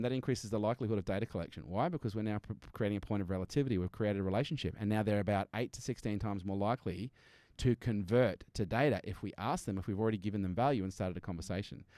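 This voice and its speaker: A man's voice: on the low side, a little mellow, dry recording, studio quality. A man speaking as a podcast guest, emphatic and blunt, swearing now and then and acting out customers to make his points. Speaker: guest business strategist. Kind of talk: energetic podcast interview.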